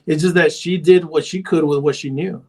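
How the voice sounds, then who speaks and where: Brief: male therapist guest, slightly high voice, loose chatty storyteller, fillers everywhere. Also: fairly even intonation, fairly quick, darkish tone, husky. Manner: rambling storyteller, heavy on filler phrases. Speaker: therapist and parent coach. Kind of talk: casual podcast conversation.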